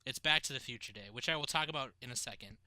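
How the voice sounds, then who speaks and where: A man's voice: mid-range voice, very fast, sharp tone, no room sound. A young man hosting a podcast in casual chat, a little tipsy, jokey and swearing a lot. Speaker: podcast host.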